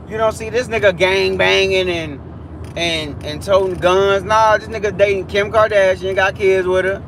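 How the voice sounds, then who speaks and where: Young man, high voice, preachy live-stream rant, repetitive street talk, outdoors by traffic, clear background noise. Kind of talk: ranting live-stream monologue.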